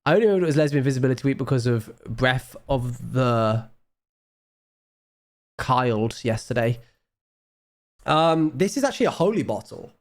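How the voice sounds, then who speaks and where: Under-the-weather male streamer, casual rambling chat, self-mocking, mid pitch. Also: lively intonation, moderate pace, pauses often. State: ill, low on energy. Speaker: live streamer.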